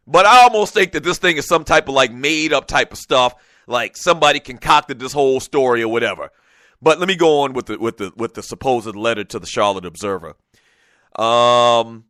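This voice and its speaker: A man hosting a casual sports talk show, animated and chatty, talking straight to his listeners. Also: on the low side, a little fast, no room sound.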